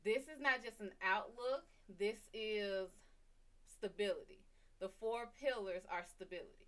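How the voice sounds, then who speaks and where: A woman's voice: mid-range voice, unhurried, a bit bright. A woman hosting a live tarot reading. She is loose and chatty, swears freely and talks to viewers by name, and she often turns away from her desk mic. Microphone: desk mic, often turned away from it.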